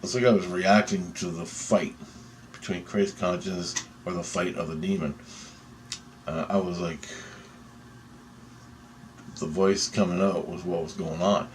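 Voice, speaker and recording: A man telling a dream story in an excitable, rambling way, swearing often and restarting sentences. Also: deep voice, measured pace, pauses often, a little hiss or hum.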